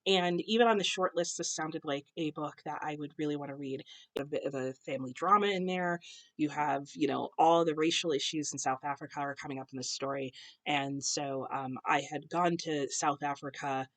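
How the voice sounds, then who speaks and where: American girl booktuber rambling about her reading list, kinda low voice, lots of ums. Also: steady tone, a little fast. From United States. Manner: chatty, many ums and self-corrections. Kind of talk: casual book chat to camera. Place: home, husband cooking nearby.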